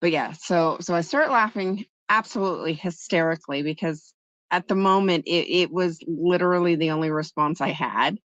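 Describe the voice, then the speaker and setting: A woman's voice: on the low side, moderate pace, fairly bright tone, no echo. Chatty woman streamer, dull lo-fi sound. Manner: chatty storytelling, answering chat. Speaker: livestream host. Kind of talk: casual chat with live viewers.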